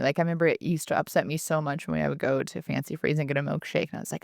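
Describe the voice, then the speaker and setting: A woman's voice: sits low, a little fast, dry recording, studio quality. A woman in her thirties co-hosting a podcast, talking candidly and laughing often as she speaks. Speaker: podcast co-host. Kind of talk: casual podcast chat.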